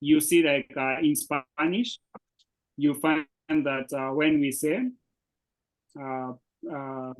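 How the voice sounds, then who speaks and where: A man's voice: fairly high pitch, steady tone, takes it slowly, long pauses, low-quality recording. A man with a Kenyan accent teaching Swahili, explaining words patiently and encouraging his student, with lots of fillers. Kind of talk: patient one-on-one language lesson.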